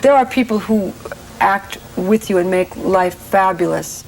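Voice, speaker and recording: A woman in her forties talks earnestly as a guest in a casual television interview. She often stops and restarts her sentences. Her voice is soft and dark, with a faint hiss in the background. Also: medium pitch, creaky, low-quality recording. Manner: earnest, halting, many restarts. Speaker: guest actress.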